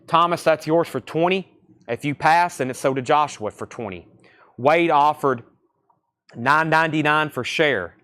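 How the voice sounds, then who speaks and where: A man's voice: medium pitch, fairly bright tone, clean tone. Southern man calling out record prices. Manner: rattles off titles and prices, repeats them. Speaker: live record sale host. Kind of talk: live-stream sales patter. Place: record shop surrounded by crates.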